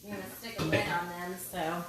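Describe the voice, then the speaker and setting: A woman's voice: lowish voice, steady tone, a little fast. A woman hosting a casual live cooking demonstration from her home kitchen, chatty and rambling, poking fun at her own slips. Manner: chatty, rambling, self-deprecating. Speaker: cooking show host. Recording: echoey kitchen, loud frying noise. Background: sizzling pan and kitchen clatter.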